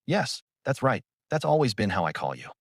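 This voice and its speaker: A man's voice: medium pitch, very animated, normal speed, slightly rough, no room sound, studio quality. Teasing young woman, voiced by a man. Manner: sweet and playful.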